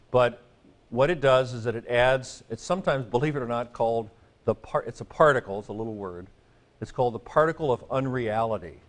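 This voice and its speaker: This is a man giving a classroom lecture in a mid-range voice. He explains things conversationally, breaks it up with light asides, and keeps checking in with his students as he goes. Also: mid-range voice. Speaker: Greek teacher.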